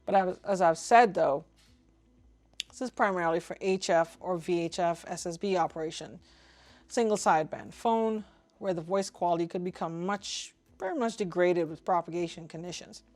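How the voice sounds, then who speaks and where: A ham radio vlogger from Trinidad and Tobago talks to camera, explaining things casually and with strong opinions, and spells out call signs slowly. Her voice is fairly low-pitched with a darkish tone.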